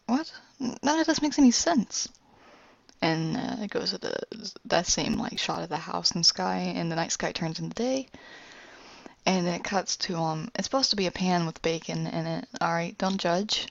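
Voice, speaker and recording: A woman casually retelling her own animated story, rambling with fillers and self-corrections. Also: lowish voice, moderate pace, gravelly, no room sound, lo-fi sound.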